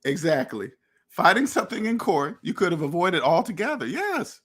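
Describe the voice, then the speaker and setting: A man's voice: high-pitched, sing-song, normal speed, fairly bright tone, husky. Blunt, preachy man talking money. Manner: blunt, preachy, acts out imagined dialogues; profane. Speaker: finance podcast host. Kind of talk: casual monologue.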